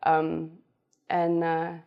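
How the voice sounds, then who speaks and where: A woman's voice: deep voice, completely flat delivery, drawn-out words, gravelly, clean tone, highs cut off. A young woman from England, candidly telling a personal story with lots of fillers and restarts. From southern England.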